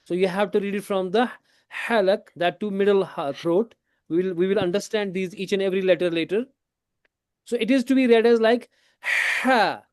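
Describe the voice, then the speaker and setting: A man teaching a tajweed class in a classroom. He explains slowly, asks his students questions, repeats his points and switches into Hindi now and then. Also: high-pitched, a little mellow, clear, resonant tone, no echo, studio quality. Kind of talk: classroom lesson.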